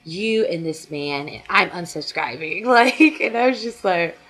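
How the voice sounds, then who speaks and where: A young woman vlogging casually to camera as a fan blogger, chatty and full of fillers, with quick laughs. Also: fairly low pitch, lively intonation, fairly bright tone, husky.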